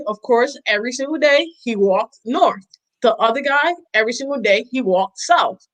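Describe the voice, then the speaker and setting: A woman's voice: a little high, low-quality recording. A young woman co-hosting a casual podcast chat, talking in an emphatic, profane way and laughing often. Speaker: podcast co-host.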